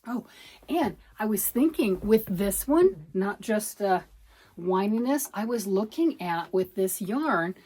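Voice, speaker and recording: A woman's voice: mid-range voice, expressive, slow pace, mellow, slightly rough. A middle-aged woman rambles cheerfully through a knitting vlog, thinking aloud as she works. She sounds a little out of breath, and her talk wanders from point to point. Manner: chatty, rambling, self-talk while working. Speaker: knitting vlogger. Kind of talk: casual chat.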